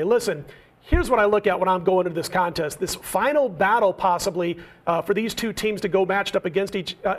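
A man in his forties from Nebraska, giving punchy, opinionated analysis as a regular on a sports betting talk show. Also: sits high. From Nebraska, USA.

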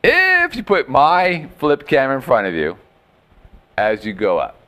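A man's voice: medium pitch, huge pitch swings, measured pace, sharp tone. A man hosting a podcast, telling jokey stories in casual banter and often laughing.

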